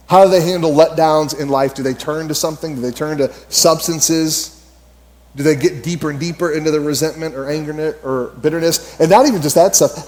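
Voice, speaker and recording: Pastor guy in his 30s giving a sermon, chatty and animated, bit higher voice. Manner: conversational, animated storytelling with quoted asides.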